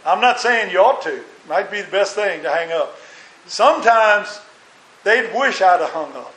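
A man's voice: high-pitched, animated, normal speed, fairly bright tone. A man preaching a sermon as a minister, earnest and full of rhetorical questions. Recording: roomy echo.

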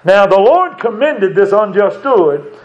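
High-voiced preacher, folksy sermon. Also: male voice, very animated, unhurried. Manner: conversational, asks rhetorical questions, chuckles now and then. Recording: dull lo-fi church recording.

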